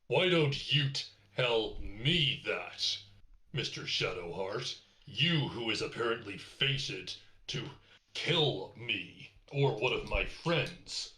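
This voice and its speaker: A man playing a tabletop game, speaking slowly and deliberately. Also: mid-range voice, lively intonation, bright, forceful tone, echoey room. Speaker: player. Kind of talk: in-character tabletop play.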